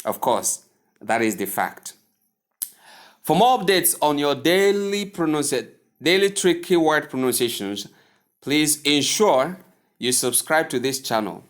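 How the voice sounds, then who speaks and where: A man with a Nigerian English accent teaching pronunciation in a formal, deliberate way, repeating words to contrast right and wrong forms. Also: a little high, lively intonation. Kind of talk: slow deliberate pronunciation lesson.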